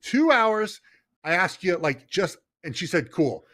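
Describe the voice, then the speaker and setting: A man's voice: on the high side, moderate pace, pushed and bright, slightly rough. A middle-aged man hosting a podcast, chatting casually and rambling with lots of fillers and restarts. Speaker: podcast host. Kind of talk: casual chat.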